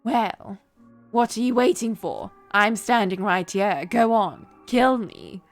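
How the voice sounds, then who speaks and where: A woman reading a cold, calm young man who craves violence, in an even, measured voice while reading a game aloud. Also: medium pitch, faint music behind.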